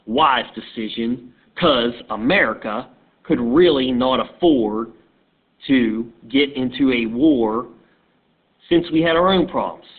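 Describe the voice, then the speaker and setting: A man teaching history as a casual story, talking in a halting, conversational way, recorded on a tinny phone-like line. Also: medium pitch.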